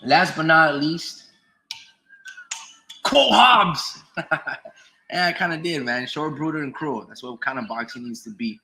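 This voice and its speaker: A man talks straight to his viewers in a loose, profane monologue about fighters and trainers. His voice sits a little high and rings bright and forceful, and he drives home each point by repeating it. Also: a little fast, few pauses, a little hiss or hum, low-quality recording. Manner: emphatic, repetitive, swears freely. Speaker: boxing commentator streamer. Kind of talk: casual profane opinion monologue.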